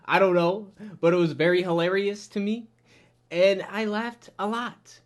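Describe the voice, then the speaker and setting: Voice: medium pitch, fairly even intonation, unhurried. Laughing, crude, mocking reaction reviewer. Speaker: video reviewer. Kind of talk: excited reaction commentary.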